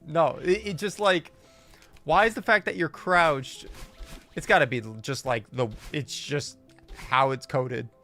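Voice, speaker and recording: A man's voice: fairly high pitch, a little slow, sharp tone, soft background music. A man livestreaming himself playing a game, casually commenting, groaning and swearing at his own mistakes.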